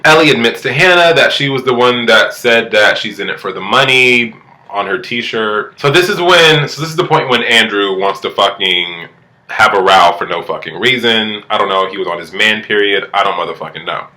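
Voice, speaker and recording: Bright-voiced, profane male recapper. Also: lowish voice, reverberant, rough recording. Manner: profane, animated, sassy. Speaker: reality TV recap vlogger. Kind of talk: casual recap commentary.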